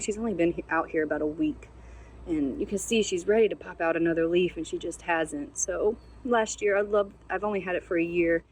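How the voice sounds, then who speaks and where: Chatty woman gushing over her plants outdoors. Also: medium pitch. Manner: chatty, gushing and self-deprecating. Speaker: plant channel host. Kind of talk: casual houseplant tour. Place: outdoors on a sunny day.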